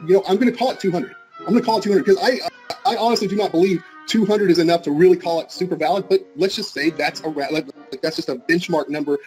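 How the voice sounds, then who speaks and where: A man's voice: on the high side, darkish tone, rough recording. A man teaching a live marketing seminar in a casual, salesy way, quizzing the audience as he goes. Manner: fast, casual, salesy, asks the audience questions. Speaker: marketing instructor.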